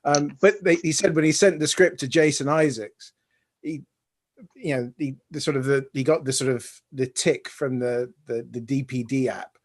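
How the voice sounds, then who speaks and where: A man on a casual video-call panel, telling an anecdote in an animated way. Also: mid-range voice, normal speed. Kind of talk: casual live panel chat.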